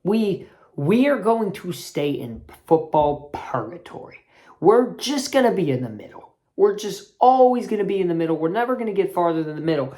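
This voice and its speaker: A woman's voice: animated, moderate pace, mellow. A woman hosting her own sports channel, delivering a fired-up, profane rant as a fan. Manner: profane, fired-up ranting with big swings in pitch. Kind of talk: ranting sports commentary vlog.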